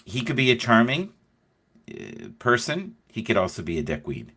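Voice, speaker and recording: A man's voice: mid-range voice, normal speed. A middle-aged man hosting a casual chat, telling stories and acting out the voices of the people in them. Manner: animated storyteller acting out quoted voices. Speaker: host.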